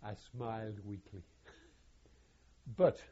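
An older man, recalling his wartime service in an oral history interview in a halting, measured way with wry self-deprecation, on a dull lo-fi recording. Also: lowish voice, steady tone, mellow, a little hiss or hum. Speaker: veteran interviewee.

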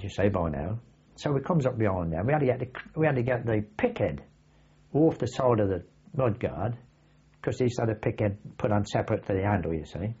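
An older man tells vivid, salty anecdotes in casual oral-history storytelling, with a husky voice. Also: medium pitch. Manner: vivid anecdotal, salty language, acts out his own shouts. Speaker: veteran recounting wartime memories. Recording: dull lo-fi archive recording.

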